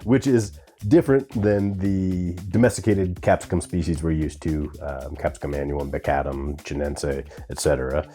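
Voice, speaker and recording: A man's voice: sits low, warm tone. A man hosting a gardening channel, chatting casually to camera and owning up that he can't pronounce plant names. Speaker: gardening and pepper-tasting channel host. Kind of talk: casual vlog talk to camera.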